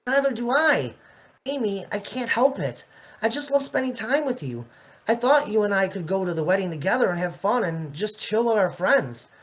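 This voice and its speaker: A woman's voice: medium pitch, lively intonation, moderate pace, close to an everyday voice. A woman voicing Chris, a shy and affectionate young man, in an amateur fan drama. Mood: earnest.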